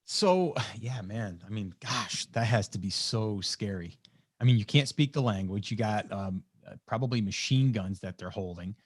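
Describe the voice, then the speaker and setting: A man's voice: fairly low pitch, normal speed, husky, no echo, clean studio sound. A man hosting a podcast interview, talking casually and reacting with sympathy. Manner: sympathetic, encouraging listener. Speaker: podcast host.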